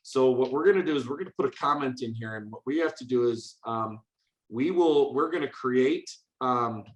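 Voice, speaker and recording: A male teacher walks other teachers through a coding demo in a loose, upbeat way, full of fillers and quick restarts. His voice sits at a middle pitch, and the room adds a noticeable echo around him. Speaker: teacher leading a coding workshop. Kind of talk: casual hands-on teaching demo.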